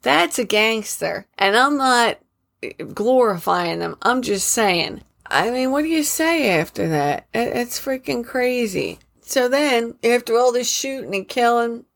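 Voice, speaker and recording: A woman's voice: a little high, expressive, unhurried, vocal fry, fairly bright tone. A woman casually retelling a true crime case, indignant and conversational, with many fillers and restarts.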